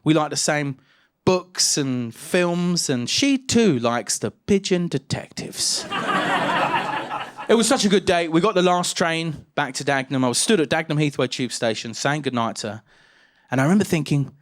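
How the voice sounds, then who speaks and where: Man, 30s, stand-up comedy, high voice, very lively pitch, shouted punchlines. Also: normal speed. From England. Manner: animated storytelling, bursts into loud shouted punchlines. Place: comedy stage with a live audience.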